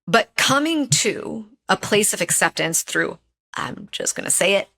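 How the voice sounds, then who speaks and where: Her mid-range voice is sing-song and sharp in tone, and she takes her time. The woman is a relationship expert on a podcast, earnestly sharing personal stories in a relaxed interview chat and repeating phrases for emphasis.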